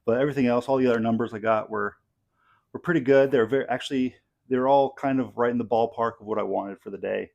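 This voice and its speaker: A man's voice: medium pitch, fast, vocal fry, muffled recording. A young man talking casually while training in his home garage gym, tired and a bit out of breath, rambling with lots of fillers. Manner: relaxed, rambling, many fillers. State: tired, out of breath between sets. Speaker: strength athlete vlogging his training. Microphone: clip-on mic.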